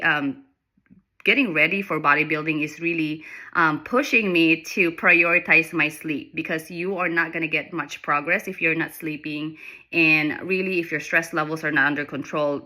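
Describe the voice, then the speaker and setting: A woman's voice: sits low, bright, forceful tone. A nurse talking to her viewers in a casual life-update vlog, earnest and heartfelt, with lots of fillers. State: emotional near the end. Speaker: nurse and vlogger.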